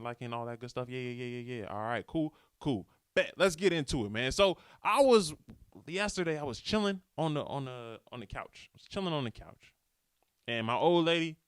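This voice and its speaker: A man's voice: medium pitch, smooth, no room sound, clean studio sound. A young man hosting a casual motivational podcast alone, talking in a laid-back, slangy way into a microphone. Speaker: podcast host. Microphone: studio microphone.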